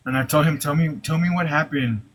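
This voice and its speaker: A young man telling a personal story live, halting, with many "like"s and repeated restarts. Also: on the high side, steady tone, low-quality recording.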